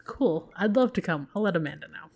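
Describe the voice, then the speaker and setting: A woman's voice: on the low side, lively intonation, brisk, vocal fry, darkish tone, slightly rough, exaggerated voice. Woman doing a dorky sentimental dad. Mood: goofy. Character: goofy sentimental middle-aged single dad.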